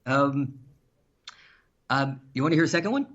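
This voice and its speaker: With a mid-range voice at a moderate pace, a man shares funny stories as a podcast guest, chuckling along the way. It's casual, animated storytelling in dull lo-fi sound.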